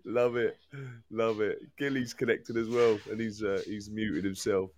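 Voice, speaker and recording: A man's voice: on the low side, lively intonation, measured pace, darkish tone, a little hiss or hum. A man hosting a live community chat, joking and laughing with his guests. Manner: laughing, jokey banter. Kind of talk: casual chat.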